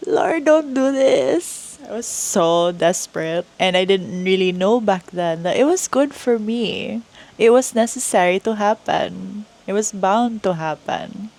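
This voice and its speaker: A woman's voice: mid-range voice, unhurried, darkish tone. A young woman with a Filipino accent, hosting a podcast and telling a personal story in an earnest, emotional, reflective way. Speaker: podcast host.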